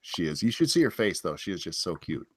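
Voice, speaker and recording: A man's voice: low-pitched, big pitch swings, fast talker, breathy edge, dry recording. A man in a casual online chat, joking crudely and openly.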